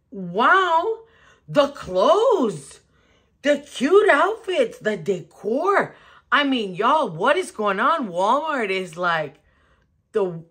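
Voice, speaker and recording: A middle-aged woman, chatting casually to camera in an animated way, laughing often and restarting her sentences. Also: lowish voice, breathy edge. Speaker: home decor vlogger. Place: home bedroom.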